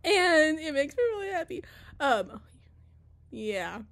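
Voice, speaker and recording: Young woman, high-pitched, bubbly, giggly, breathless, casual vlog chat. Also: animated, a little slow. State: out of breath from dancing. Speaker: vlogger and teacher.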